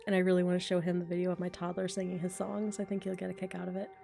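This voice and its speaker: Chatty mellow-voiced woman in her thirties. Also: lowish voice, completely flat delivery, very fast, vocal fry, faint music behind. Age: 30s. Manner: chatty, rambling, self-deprecating. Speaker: voice actor and streamer. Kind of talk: casual livestream chat.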